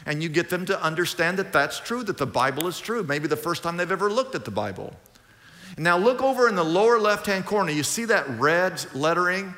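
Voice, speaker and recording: A man preaching in a church, his bright, forceful voice carrying a long reverb from the large room around him. He talks in a lively, conversational way and acts out both sides of the little dialogues he describes. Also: high-pitched, a little fast. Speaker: pastor. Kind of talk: sermon.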